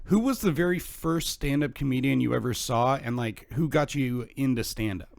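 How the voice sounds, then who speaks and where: A man's voice: mid-range voice, normal speed, gravelly. A man co-hosting a casual podcast, asking questions and teasing his co-host.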